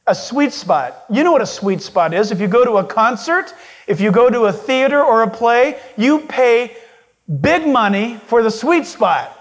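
A male pastor preaching a sermon in an emphatic way, swinging his pitch for stress. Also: lively intonation, normal speed.

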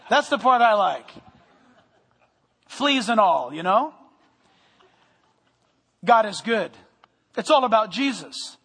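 Male pastor, high bright tone, humorous energetic sermon, long church-hall reverb. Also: takes it slowly, pauses often, husky. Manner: animated preaching with humor, sometimes loud. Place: church sanctuary.

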